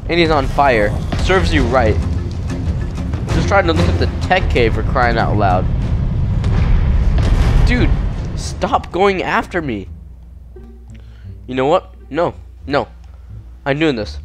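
A young man casually commenting over his own gameplay, excitable and quick to yelp when startled. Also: mid-range voice, music in the background. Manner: excitable, yelps and shouts at jump scares. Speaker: gaming channel host.

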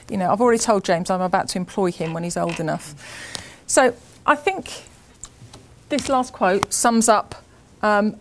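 A middle-aged woman headteacher speaks at a conference keynote. She talks in a chatty, enthusiastic, conversational way, and her voice sits at an ordinary middle pitch. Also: slight background noise.

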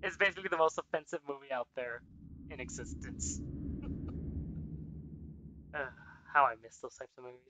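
A man's voice: mid-range voice, moderate pace, long pauses, noisy background. A man chatting casually with a friend while gaming, laughing often and trading playful jabs. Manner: laughs a lot, playful banter.

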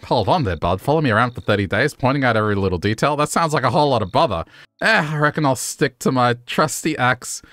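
A man doing an easygoing rustic woodcutter from a cozy video game, slow and drawling in a slightly raised voice. The sound is close and dry, with faint music underneath. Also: mid-range voice, lively intonation, a bit bright, no room sound, natural voice. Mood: amused, wary. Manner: drawling countryish turns of phrase. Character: folksy rustic male woodcutter neighbor, easygoing.

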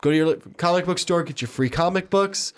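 Halting man in a casual chat. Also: high-pitched, smooth. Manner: halting, lots of "like" and trailing off. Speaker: co-host.

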